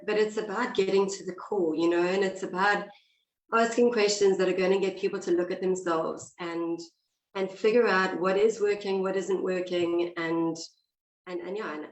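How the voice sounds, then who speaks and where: A woman couples coach, hoarse and husky from the flu, explaining in a direct, chatty way. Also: mid-range voice, roomy sound, muffled recording, a little hiss or hum. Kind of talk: online interview.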